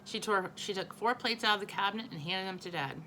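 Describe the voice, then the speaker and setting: A woman teacher reading a children's novel aloud, expressive and correcting her own small slips. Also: mid-range voice, brisk, a little hiss or hum, rough recording.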